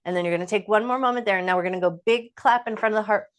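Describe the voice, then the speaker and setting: A woman teaching a yoga class, giving calm, encouraging movement cues with slow, drawn-out phrases. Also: medium pitch. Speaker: yoga instructor. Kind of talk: guided yoga class instruction.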